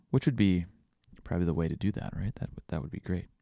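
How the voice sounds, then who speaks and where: A man hosting a podcast, thinking out loud in a casual reflective monologue, searching for words with frequent restarts. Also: low voice, fairly even intonation, very fast, few pauses, clear, resonant tone, dry recording, clean studio sound. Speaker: podcast host.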